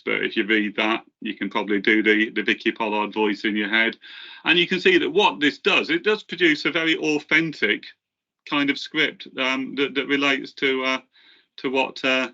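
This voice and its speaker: A man presenting software in a webinar, talking casually with frequent fillers and restarts. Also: medium pitch, dull audio. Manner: halting, many fillers and restarts.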